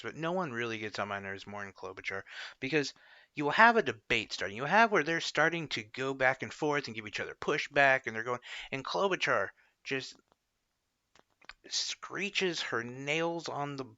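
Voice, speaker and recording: Man, opinionated political commentary, rambling with fillers, bright tense voice, dry dull recording. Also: medium pitch, dry recording. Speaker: political commentary show host.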